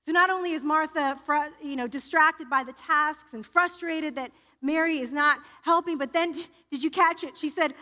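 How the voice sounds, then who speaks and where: A woman preaching with a high, bright voice that rings through a reverberant sanctuary. She speaks in a personal, confessional way and often restarts her sentences. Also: moderate pace, hardly any pauses. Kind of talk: sermon. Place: church sanctuary. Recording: reverberant church hall.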